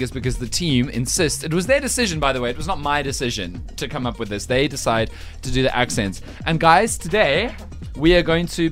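A man hosting a radio breakfast show, teasing and lively, with quick asides. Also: medium pitch.

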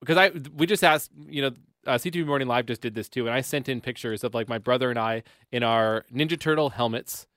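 A man's voice: medium pitch, fast, a bit bright, dry recording. A man co-hosts a morning show in an easy, rambling chat and teases his co-hosts. His voice sits dry and close. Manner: chatty, teasing, rambling. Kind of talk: casual chat.

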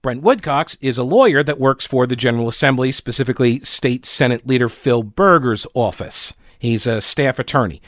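A man's voice: mid-range voice, moderate pace, few pauses, no room sound, clean studio sound. A male radio talk show host from North Carolina, chatty and sarcastic, full of fillers and restarts. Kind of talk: casual political commentary.

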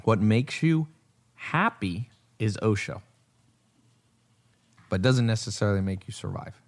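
A man's voice: fairly low pitch, expressive, a little slow. Rambling male podcast host. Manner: rambling storyteller, acts out quotes. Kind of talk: casual chat.

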